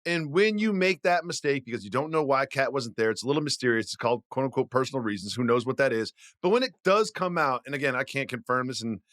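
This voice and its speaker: A man's voice: medium pitch, quick pace, few pauses, dry recording, studio quality. Incredulous man ranting about sports. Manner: animated, incredulous, laughs through his rants. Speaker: podcast co-host. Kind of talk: casual sports chat.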